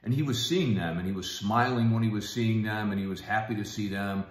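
A man sharing a personal family testimony in a soft-spoken, halting way, with frequent pauses. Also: on the low side, reverberant.

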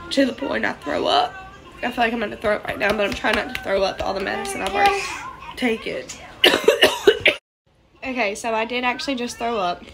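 A woman's voice: a little high, gravelly, background noise. A young woman, sick and congested, rambling in a scattered way with many fillers in a casual vlog from her trailer. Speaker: vlogger. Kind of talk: casual talk to camera. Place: small trailer indoors.

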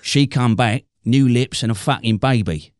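A man playing a crude, brash middle-aged hardman, co-hosting a comic interview with deadpan swearing boasts. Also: mid-range voice, normal speed, smooth, no room sound, studio quality, lightly acted. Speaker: co-host.

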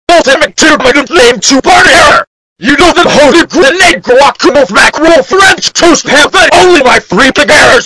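A man's voice: exaggerated voice, low-quality recording. A man voicing an enraged purple dinosaur character in a fan-made cartoon, screaming long strings of nonsense insults. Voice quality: high, bright, shrill yelling TTS-style voice. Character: furious purple dinosaur error character, male, ranting nonstop. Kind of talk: fan-made text-to-speech error video.

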